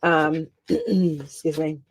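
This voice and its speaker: Host: middle-aged woman, low-pitched, emotional and chatty coach running a live masterclass. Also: fairly even intonation, drawn-out words. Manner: heartfelt and chatty, close to tears.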